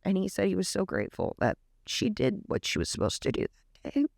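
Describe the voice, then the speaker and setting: A woman retells a story in an earnest, casual way, leaning on the emotional moments. Her voice has a gravelly edge. The sound is dry and close. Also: mid-range voice, huge pitch swings, a little fast, a little mellow, dry recording, soft background music. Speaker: reaction vlogger.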